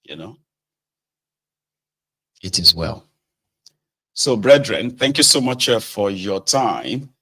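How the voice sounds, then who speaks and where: A middle-aged man, hosting casual political commentary with sardonic, animated delivery. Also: lowish voice, slow pace, long pauses. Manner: animated, sardonic, swinging between mutters and outbursts.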